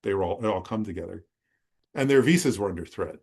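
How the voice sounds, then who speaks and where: With a fairly low, darkish, slightly rough voice, this Buddhist teacher talks fast and expressively. His dharma talk wanders through a personal story, and he keeps asking whether his audience is with him.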